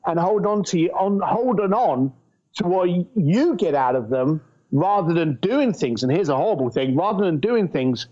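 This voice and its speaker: A middle-aged man from England, a guest entrepreneur telling anecdotes in an animated, storytelling way. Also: high-pitched, normal speed. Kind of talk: casual storytelling interview. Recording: muffled lo-fi audio.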